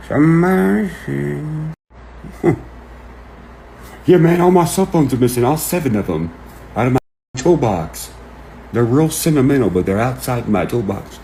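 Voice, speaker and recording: Gravelly man on a profane rant. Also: medium pitch, a little slow, pauses often, a little hiss or hum. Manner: excited, profane, jumps between topics, acts out quotes. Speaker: online creator. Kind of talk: rambling rant to camera.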